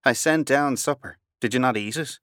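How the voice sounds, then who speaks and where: A man playing a blunt, short-tempered sea captain with an Irish accent and a gruff manner. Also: mid-range voice, moderate pace, a bit bright, no echo, studio quality, pitched above the performer's own voice, close to an everyday voice. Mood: curt.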